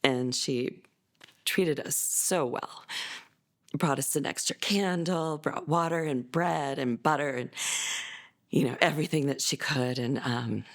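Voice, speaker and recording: A middle-aged woman from California telling a personal story, unhurried and halting, with many pauses and fillers. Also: deep voice. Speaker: interviewee, mother.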